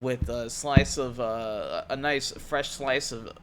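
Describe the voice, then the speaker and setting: A man's voice: medium pitch, takes it slowly, fairly bright tone, slight background noise. Rambling, cussing young guy streamer. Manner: rambling, profane, laughs easily. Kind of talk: casual stream chat.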